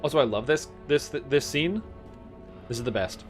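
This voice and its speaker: A young man commentating a game on his stream, casual and quick to get excited. His voice sits at an ordinary middle pitch, and faint music plays under his talk. He swears freely and drops into silly offhand voices. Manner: excitable, swears, chats with viewers.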